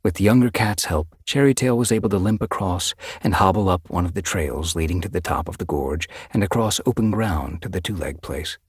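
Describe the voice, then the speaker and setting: A man narrating an audiobook with steady, measured storytelling. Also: low-pitched, husky, dry recording, clean studio sound. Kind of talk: scripted narration.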